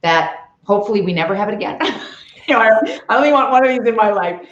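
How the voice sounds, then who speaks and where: A woman's voice: a little high, expressive, fast talker. A middle-aged woman, an author and CEO, giving emphatic coaching advice as an interview guest. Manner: emphatic, coaching tone with rhetorical questions. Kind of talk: interview on leadership. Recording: roomy, dull lo-fi video call audio.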